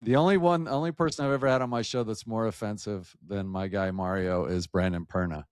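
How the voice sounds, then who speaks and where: A man, a podcast guest who hosts his own show, telling football stories in a lively, joking way over a video call. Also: fairly low pitch, brisk, clean tone, dry recording, clean studio sound. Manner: lively, animated storyteller, jokey. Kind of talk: casual sports chat.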